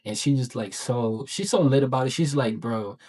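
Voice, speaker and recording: A man talking in a casual daily vlog about his coaching work, excited and rambling, full of slang and filler words. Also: medium pitch, a little fast, slightly rough. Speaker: online business coach.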